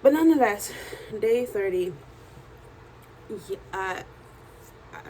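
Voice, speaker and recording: Hoarse, tired woman telling her day. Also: medium pitch, slow, slight background noise, low-quality recording. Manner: chatty, animated storytelling. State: hoarse, worn-out voice. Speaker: vlogger and journal author. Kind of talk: casual video diary.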